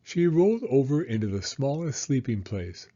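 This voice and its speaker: A man reading a children's story aloud with expressive, unhurried narration. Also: mid-range voice, dull audio. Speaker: storybook reader.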